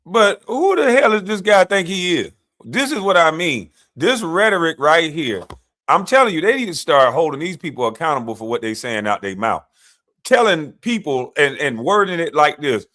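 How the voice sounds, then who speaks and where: Guy ranting on his stream, pretty high voice that jumps all over, mocking and arguing with a clip. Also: big pitch swings, normal speed, bright, forceful tone. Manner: combative, mocking, talks back to clips. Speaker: livestream commentator. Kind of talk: heated political commentary livestream.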